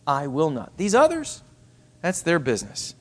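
A man's voice: on the high side, huge pitch swings, normal speed. A man voicing a boastful grown male disciple who insistently repeats his vows. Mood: vehement.

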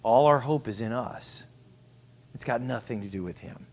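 A man preaching a sermon as pastor, emphatic and repetitive, sometimes dropping to soft asides. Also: mid-range voice, normal speed, slightly rough.

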